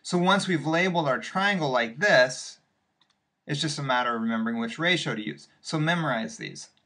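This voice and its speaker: A man's voice: a little high, normal speed, pushed and bright. A male math teacher walking patiently through worked examples in a recorded lesson, step by step with occasional fillers.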